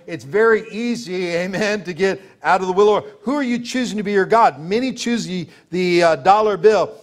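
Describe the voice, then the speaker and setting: A man's voice: high voice, quick pace, few pauses. A man preaching a sermon as pastor, emphatic and full of rhetorical questions, laughing as he tells stories.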